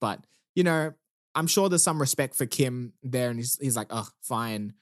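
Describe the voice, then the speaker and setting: A man's voice: medium pitch, moderate pace, no room sound, studio quality. A man hosting a podcast, casually and easily walking through the week's news. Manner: easygoing, walks through news stories. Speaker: podcast host.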